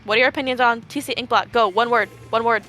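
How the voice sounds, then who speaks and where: A woman's voice: fairly high pitch, fairly even intonation, fast, pushed and bright, faint music behind. A young woman commentating a live esports tournament, joking in playful mock outrage and wandering off on tangents.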